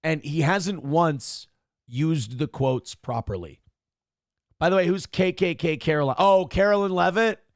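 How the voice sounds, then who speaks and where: A morning show host with a fairly high-pitched voice mocks a clip in a sarcastic, profane rant, swearing freely as he reacts. He keeps a measured pace, and the sound is clean studio audio with no room sound.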